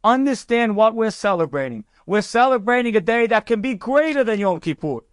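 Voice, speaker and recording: A man, a rabbi, telling a story in a sermon with a conversational, animated manner. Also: high-pitched, fairly quick, no room sound, studio quality.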